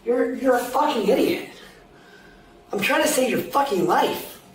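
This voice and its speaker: A woman's voice: on the high side, expressive, a little slow. Belligerent swearing woman on bodycam. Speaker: woman being arrested. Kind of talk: shouting at police on bodycam. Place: police arrest scene. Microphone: police body camera. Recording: echoey far-off bodycam audio with faint noise.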